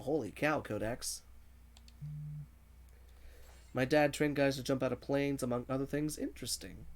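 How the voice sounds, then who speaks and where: A man's voice: medium pitch, a little mellow. A man streaming a video game, chatting casually, reading viewer messages aloud and laughing often. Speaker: gaming streamer. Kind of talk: casual livestream commentary.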